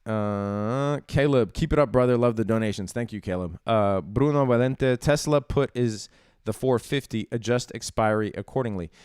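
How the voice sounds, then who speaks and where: A man's voice: mid-range voice, normal speed, a little mellow, clean tone, no echo, studio quality. A man hosting a live-stream on the stock market, talking in an emphatic, casual way and often tossing in "dude" and "right?". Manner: emphatic, chatty, says "dude" and "right?" a lot.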